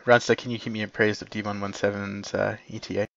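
A man's voice: fairly low pitch, little pitch movement, quick pace, vocal fry, fairly bright tone, no echo. A man acting as commander, giving orders in game voice chat, often hesitant with ums and uhs. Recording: dull lo-fi voice chat.

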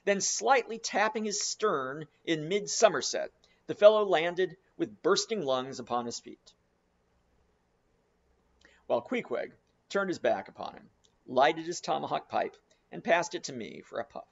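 Expressive male audiobook narrator, lively voice. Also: fairly high pitch, creaky, dull audio. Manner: expressive, dramatic reading with slowed, savoured phrasing.

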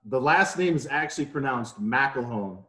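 A man's voice: medium pitch, normal speed, fairly bright tone. Guest, man, 40s, from New York; easygoing anecdotal storyteller, echoey home room. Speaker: podcast guest. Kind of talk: casual interview chat.

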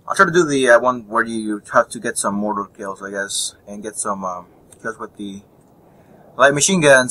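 A young man delivers live gameplay commentary in a medium-pitched, pushed, bright voice, rambling, swearing and chuckling at enemies. The audio is poor, with faint gunfire, vehicles and explosions from the game behind him.

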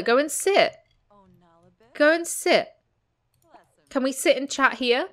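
A young woman giving excitable, giggly commentary as she plays a life-sim game and talks to its characters. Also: high-pitched, takes it slowly, long pauses. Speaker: gaming channel host.

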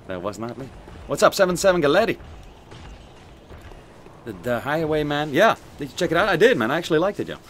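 A young man streaming a video game, swearing, joking and reacting loudly as he plays and reads the chat. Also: fairly high pitch, big pitch swings, brisk, long pauses, a little hiss or hum. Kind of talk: casual gaming stream commentary.

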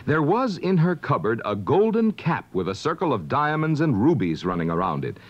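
A man's voice: medium pitch, sing-song, moderate pace. A man narrating a classic children's book on a vintage record, reading with dramatic expression. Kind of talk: scripted storybook narration. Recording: dull lo-fi vintage record with hiss.

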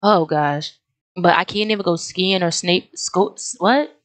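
A young woman hosting a life-sim let's play, talking casually and excitedly straight to her viewers, often breaking into exclamations. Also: on the low side, a little slow. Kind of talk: casual gameplay commentary.

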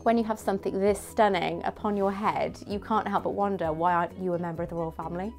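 A young woman chatting casually and gushing as she reviews a replica tiara, giggly and animated. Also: on the low side, fast, faint music behind. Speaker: vlogger reviewing a prop replica. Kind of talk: casual product review chat.

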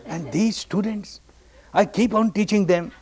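A man giving an evening meditation discourse as a teacher, telling a story slowly in simple, repeated phrases. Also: sits high, a little mellow.

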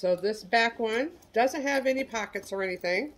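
A middle-aged woman from the United States talks at a moderate pace in a slightly high voice. She's an online reseller giving a relaxed show-and-tell of handbags, homespun and self-deprecating.

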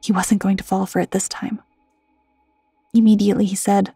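A woman reading a scripted horror story in a hushed voice that keeps slipping into whispers. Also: mid-range voice, little pitch movement, moderate pace, creaky, long pauses, breathy edge, no room sound. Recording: dry close mic with soft music underneath.

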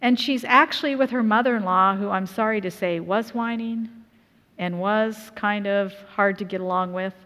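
A middle-aged woman from Utah giving a personal testimony sermon at a conference, telling her story earnestly with lively quoted asides. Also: mid-range voice, normal speed. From Utah, USA. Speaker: conference speaker. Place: church conference hall. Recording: reverberant hall.

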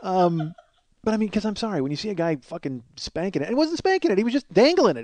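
A man's voice: high-pitched, big pitch swings, fast, darkish tone, dry recording. A man in his forties hosting a podcast, rambling through a crude comedic monologue, mocking himself and laughing at his own jokes. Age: 40s. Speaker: podcast host.

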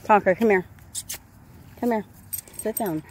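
A woman's voice: mid-range voice, unhurried, slightly rough. A woman filming at home on a handheld phone, talking baby-talk to her dogs and a small child in a cooing, coaxing voice. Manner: cooing, sing-song, coaxing. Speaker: dog owner filming her pets.

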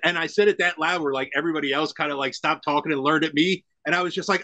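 A man's voice: a little high, fast, dry recording. A middle-aged man chatting as a podcast guest, animatedly acting out the lines of people in his stories. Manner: animated storyteller who acts out quoted lines. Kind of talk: casual conversation.

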